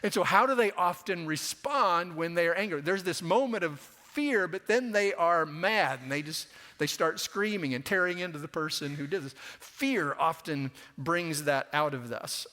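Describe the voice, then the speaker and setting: A man's voice: on the high side, moderate pace, few pauses, pushed and bright. A middle-aged man preaching a sermon in a conversational way, sometimes acting out the voices of the people he quotes, in a church. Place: church sanctuary. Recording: long church reverb.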